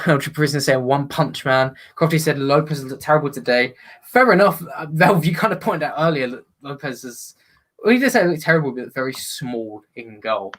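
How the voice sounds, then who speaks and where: A man hosting a live football watch-along, chatting and breaking into excited commentary. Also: medium pitch, a little fast. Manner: excitable, bursts into loud commentary on goals.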